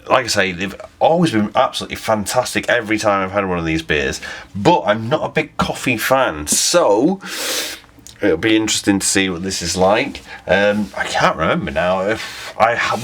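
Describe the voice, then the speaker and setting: A man's voice: sits low, a bit bright. A man talking casually as he reviews a beer on camera, rambling, correcting himself and chuckling at his own slips.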